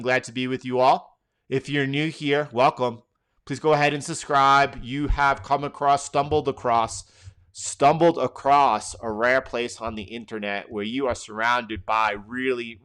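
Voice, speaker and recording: A man with a New York accent hosting a live market livestream, talking through charts in quick bursts with frequent restarts and repeated words. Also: mid-range voice, bright, forceful tone, clean tone. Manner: fast, repetitive, with many restarts. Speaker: trading livestream host.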